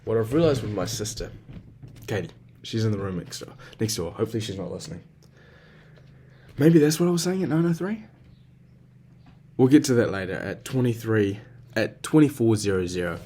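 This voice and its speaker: A young man talks through his own thoughts in a loose spoken journal, circling back on himself as he goes. His voice sits a little low. His speech is packed with slang and casual swearing, and it sounds unscripted and self-searching. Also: lively intonation, brisk, long pauses, dark tone, slightly rough. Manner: rambling and self-reflective, with heavy swearing and slang. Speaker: vlogger.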